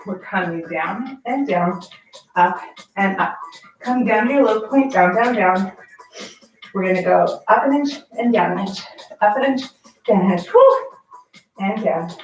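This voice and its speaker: A woman's voice: mid-range voice, expressive, measured pace. A woman leading a barre workout class, out of breath from exercising and counting reps aloud with short encouraging cues. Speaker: barre fitness instructor. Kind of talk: guided workout class cueing. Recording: echoey room, distant mic, faint background music.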